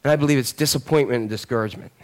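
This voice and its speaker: A middle-aged man preaching a sermon as pastor, animated and calling out to the congregation, swinging from loud to hushed. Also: mid-range voice, racing. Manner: calls out to the congregation.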